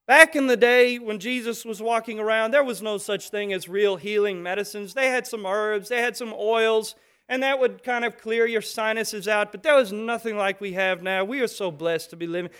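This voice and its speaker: A man preaching a sermon, emphatic and animated, acting out little scenes as he teaches. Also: high voice, normal speed, hardly any pauses, clear, resonant tone.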